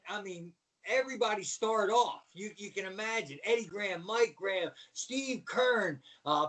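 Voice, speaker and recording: Animated storytelling man, high voice, distant mic. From Baltimore, USA. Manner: animated storyteller, slangy, says "man" a lot. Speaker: podcast guest, former wrestler. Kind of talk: casual storytelling interview.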